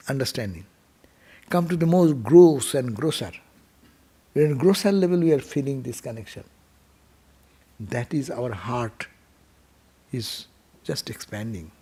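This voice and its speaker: A man, a monk, giving a temple sermon, telling stories gently and asking his listeners rhetorical questions. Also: fairly high pitch, vocal fry, slightly rough. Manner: gentle storytelling, rhetorical questions, speaks softly.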